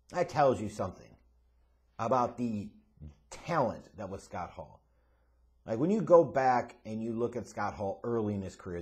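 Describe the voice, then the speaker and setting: This medium-pitched, slightly mellow male voice belongs to the host of a wrestling commentary channel. He delivers an opinionated monologue bluntly and emphatically, swearing casually along the way.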